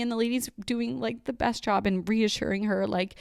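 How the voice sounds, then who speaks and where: A woman's voice: medium pitch, flat delivery, moderate pace, vocal fry, hardly any pauses, clean tone, no room sound, studio quality. A young adult woman hosting a solo podcast, telling a personal story in a candid, rambling way with many fillers. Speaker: podcast host.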